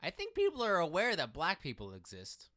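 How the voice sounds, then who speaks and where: A man co-hosting a casual political chat podcast, talking in an animated way and restarting his sentences often. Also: sits high, a little fast. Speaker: podcast co-host.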